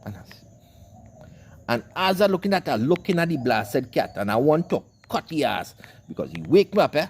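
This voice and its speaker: Animated Trinidadian man telling a comic rant. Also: fairly high pitch, moderate pace, husky. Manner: animated, rambling, cussing dialect talk. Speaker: online commentator.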